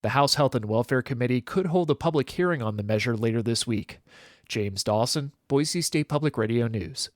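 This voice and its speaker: A male radio reporter with a mid-range voice delivers a scripted news piece in a plain, steady way. The sound is dry and close to the mic. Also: mid-range voice, moderate pace, dry recording.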